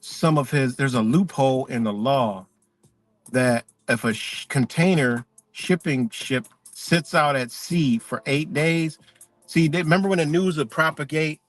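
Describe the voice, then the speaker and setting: A man's voice: fairly high pitch, moderate pace, no room sound, soft background music. A man hosting a livestream, ranting casually in a profane, rambling way with many restarts. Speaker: livestream host.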